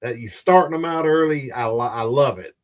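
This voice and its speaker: A man's voice: medium pitch, brisk. A man in casual chat, reacting with enthusiasm and encouragement.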